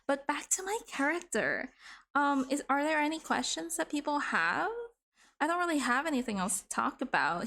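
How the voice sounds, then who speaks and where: A woman's voice: a little high, a bit bright, slight background noise. A woman livestreamer chatting casually while she draws, rambling and swearing now and then into a desk microphone. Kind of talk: casual chat while drawing on stream.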